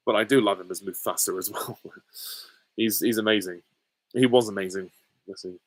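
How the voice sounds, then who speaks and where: A man's voice: on the low side, steady tone, normal speed, long pauses, breathy edge, dry recording, low-quality recording. A man from England hosting a casual Q and A, answering viewer questions in a hesitant, rambling way full of ums and small laughs. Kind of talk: casual Q and A chat.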